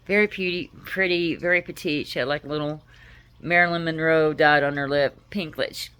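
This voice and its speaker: A woman vlogger telling a personal story to camera, heartfelt and halting, with frequent pauses. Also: low-pitched, fairly even intonation, fairly bright tone, clear, resonant tone.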